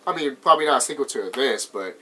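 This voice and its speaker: A young American man rambling excitedly through a casual movie review, laughing often and swearing freely. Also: mid-range voice, fast, slight background noise. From United States. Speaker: vlogger.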